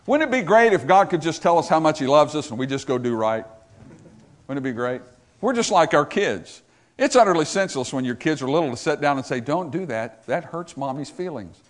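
A man's voice: on the high side, big pitch swings, fairly quick. A man preaching a sermon, emphatic, rising and dropping his voice for effect. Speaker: pastor.

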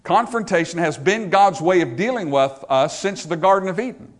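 Male pastor, slightly high voice, emphatic sermon delivery with big swings in loudness. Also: expressive, normal speed. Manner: emphatic preaching, rising and dropping for effect.

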